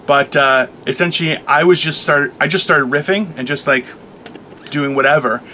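A man chatting casually as a co-host, telling an animated story, acting out quotes and laughing often. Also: on the high side, moderate pace, slight background noise. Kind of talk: casual chat.

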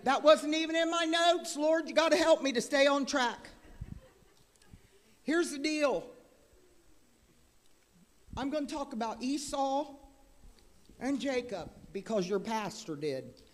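A woman preaching a sermon as guest speaker into a handheld microphone, moving between chatty asides and fervent, loud preaching. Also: high-pitched, slow, pauses often. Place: church sanctuary. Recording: long hall reverb in a church.

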